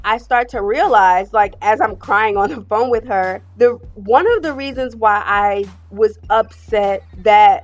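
A woman's voice: on the high side, highs cut off. A woman hosting her own podcast, confiding in her listeners in a candid, personal monologue. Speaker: podcast host.

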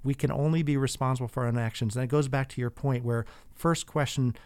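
A man's voice: mid-range voice, fairly even intonation, fast talker, a little mellow, clear, resonant tone, no room sound. A man in casual conversation, earnestly telling stories with frequent restarts. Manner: earnest, storytelling, many restarts.

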